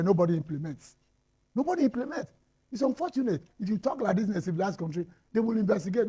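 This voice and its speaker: A man's voice: high voice, mellow, slightly rough. A Nigerian man arguing hotly on a panel, firing rhetorical questions and repeating lines for emphasis. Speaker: panel guest. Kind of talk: heated panel debate.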